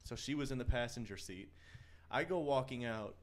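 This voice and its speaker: A man's voice: mid-range voice, normal speed, a little hiss or hum. Rambling man telling a story on a podcast. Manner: rambling, animated storyteller with many restarts. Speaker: podcast co-host. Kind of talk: casual podcast banter and storytelling.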